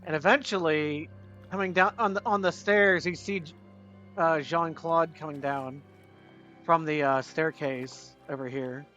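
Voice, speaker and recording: A man's voice: fairly high pitch, steady tone, a little slow, pushed and bright, dull audio, faint music behind. A man narrating a tabletop game as game master, rambling with many fillers and restarts.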